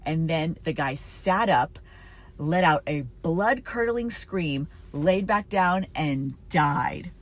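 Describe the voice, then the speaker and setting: A woman telling a spooky hospice story in a casual spoken way, hushed at first, then dramatic and emphatic. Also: deep voice, lively intonation, slow pace.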